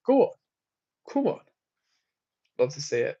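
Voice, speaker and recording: A man's voice: a little high, sing-song, unhurried, dark tone, dull audio. A man casually chatting on a livestream while away on a work trip, reading out viewer comments and laughing often. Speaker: livestream host. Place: hotel room on a work trip.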